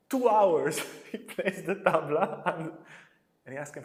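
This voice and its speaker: A man teaching a yoga lecture as an animated storyteller, acting out voices in his stories. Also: a little high, normal speed. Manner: animated storyteller, acts out quotes. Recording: echoey hall.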